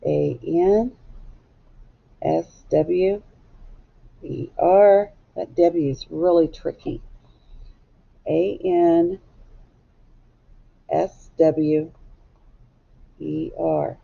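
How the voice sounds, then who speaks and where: A woman teacher giving a recorded phonics lesson to young children, spelling words out letter by letter and sounding them out deliberately. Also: low voice, fairly even intonation, creaky, husky. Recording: dull lo-fi recording.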